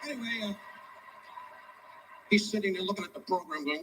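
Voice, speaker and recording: A man's voice: high-pitched, fairly even intonation, background noise. An older man doing insult comedy at a live roast, teasing and needling people one after another. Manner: teasing, barbed, rapid insults.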